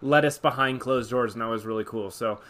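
A man's voice: medium pitch, a little fast, a crowd in the background. A man co-hosting an interview, speaking in a friendly, appreciative way as he wraps up. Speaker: co-host. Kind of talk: casual interview wrap-up.

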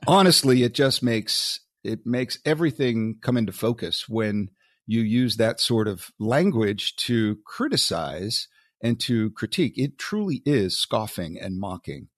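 A man co-hosting a podcast, agreeable and quick to laugh, reading quotes with a sarcastic flourish. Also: medium pitch, expressive, dry recording, clean studio sound. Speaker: podcast co-host. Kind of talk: casual podcast discussion.

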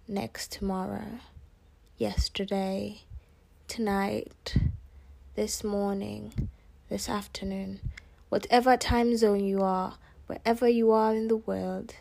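A woman's voice: medium pitch, gravelly, dark tone. A woman doing a theatrical, overdone put-on British accent as a podcast host. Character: woman in a mock-grand British voice.

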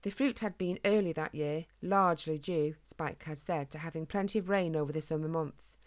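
A woman reading a children's storybook in a gentle, expressive way. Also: low-pitched, normal speed.

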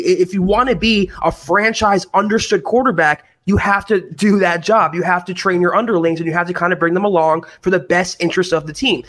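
High-voiced, opinionated male co-host. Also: a bit bright. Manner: opinionated, blunt. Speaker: podcast co-host. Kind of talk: casual sports podcast chat.

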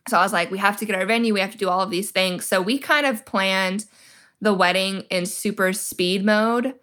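Young woman guest, chatty and animated, middle-pitched, acts out dialogue as she tells it. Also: fairly quick. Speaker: podcast guest, military spouse. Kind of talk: casual storytelling interview.

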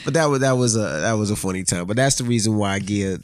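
A man co-hosting a podcast, telling a story in casual chat and acting out quotes in high voices. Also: fast, no room sound. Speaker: podcast co-host.

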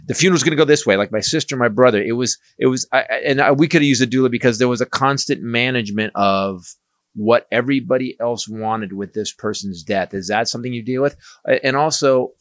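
A man's voice: mid-range voice, no echo. A man co-hosting a podcast, telling stories bluntly and laughing easily. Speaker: podcast co-host. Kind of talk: casual podcast chat.

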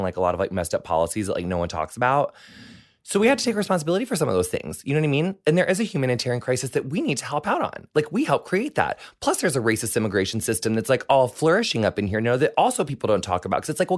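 A man in his thirties hosting an interview podcast, gushing and campy, peppering his speech with "like" and "honey.". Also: on the low side. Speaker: podcast host. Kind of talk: casual interview chat.

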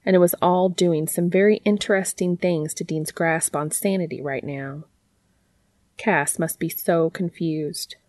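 A woman with a fairly low voice reads a story aloud in an even, measured way. She sounds intimate and close, and the recording is dry with no room sound. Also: no room sound. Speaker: narrator. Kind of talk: reading fan fiction aloud.

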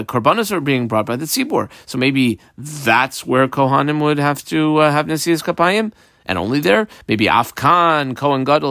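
A man leads a Talmud study lesson, his pitch rising and falling widely as he sing-songs the text. He slows on each phrase, then rushes through a chatty English explanation. The recording is close and dry. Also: creaky, fairly bright tone, dry recording. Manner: reads Aramaic phrases slowly and sing-song, then translates quickly in English; conversational explaining with fillers. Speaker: Talmud teacher.

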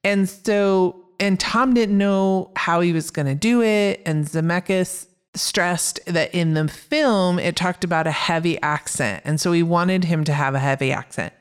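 Woman cohosting a movie podcast, smooth clear voice, upbeat trivia chat. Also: on the low side, unhurried, hardly any pauses. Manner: reads film facts, upbeat. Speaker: podcast co-host. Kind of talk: casual film-trivia chat.

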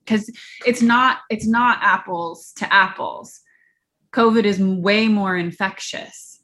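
A woman's voice: medium pitch, fairly bright tone. A woman journalist telling a personal story as a podcast narrator, candid and conversational with frequent "like" fillers.

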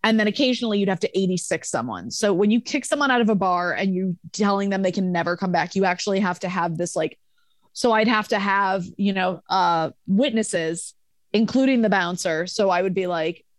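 A woman's voice: medium pitch, fairly quick, no room sound. A young woman recounts a night from her bar-manager days in loose podcast chat. She swears freely and acts out every quoted voice. The sound is dry and close. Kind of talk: casual podcast storytelling.

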